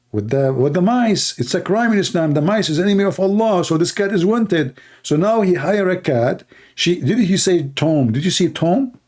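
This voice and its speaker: A man with a fairly high, slightly mellow voice hosts a show, mocking a video in sarcastic, broken English. He repeats himself, and his grammar is broken throughout.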